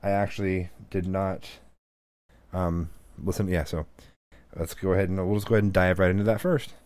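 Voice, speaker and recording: A man's voice: deep voice, fairly even intonation, a little fast, darkish tone, slight background noise. A middle-aged man co-hosting a podcast, telling stories in casual chat, cursing and laughing often. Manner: swearing, laughing storyteller. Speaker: podcast co-host.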